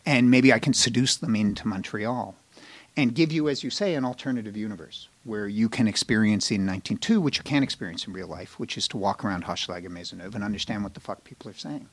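A man speaking as a TV showrunner at a live panel, frank and animated, acting out people's reactions. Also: fairly low pitch, fast talker, dry recording. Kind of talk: candid panel talk. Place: live event with an audience.

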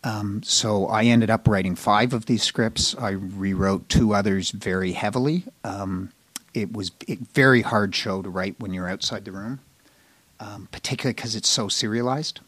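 A man speaking as a TV showrunner at a live panel, frank and animated, acting out people's reactions. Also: on the low side, moderate pace, slightly rough, no room sound. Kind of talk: candid panel talk. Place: live event with an audience.

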